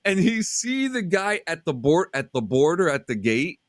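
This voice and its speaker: Animated, swearing man telling a story. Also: on the high side, moderate pace, dry recording, studio quality. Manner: animated, profane, acts out shouted quotes. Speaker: podcast host. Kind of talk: casual storytelling chat.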